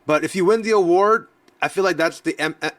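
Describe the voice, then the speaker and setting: A man with a somewhat high voice chats loosely on a sports podcast, circling back and restarting his thoughts. He sits a little away from the mic, and the room sounds dry and close. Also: a little fast, a bit bright, no echo, far from the mic. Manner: loose and rambling, many restarts and fillers. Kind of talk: casual chat.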